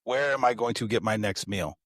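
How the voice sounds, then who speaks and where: A man's voice: lowish voice, a little fast, fairly bright tone, no room sound. A man co-hosting a podcast, telling rambling stories in a casual way with some swearing and laughing at his own tales. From United States. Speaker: podcast co-host.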